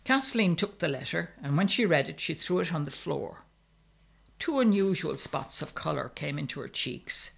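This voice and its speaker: A man reading a story aloud in a measured, steady narration. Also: a little high, vocal fry, breathy edge.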